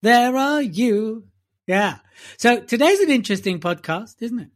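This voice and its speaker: High-voiced teasing male co-host. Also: expressive, measured pace. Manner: teasing, joking. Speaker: podcast co-host. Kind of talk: casual podcast banter.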